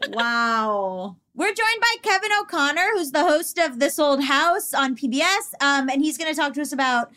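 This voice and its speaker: A woman co-hosting a podcast in casual chat, relaxed and candid in her speech. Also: high-pitched, normal speed, few pauses. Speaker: podcast co-host.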